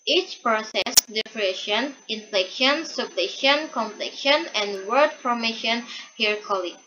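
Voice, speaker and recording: A young female student reads her class presentation aloud from a prepared script, hesitantly and with restarts. Her voice is fairly high and animated, captured on a dull lo-fi recording with a noisy background.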